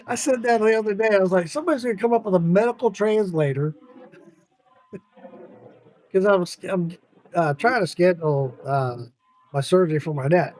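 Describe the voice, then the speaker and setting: A man with a notably high voice, chatting casually on a podcast. He tells stories with lots of energy, swears freely and breaks into laughs along the way. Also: normal speed, long pauses. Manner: animated storyteller, swears freely, laughs often. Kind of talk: casual chat.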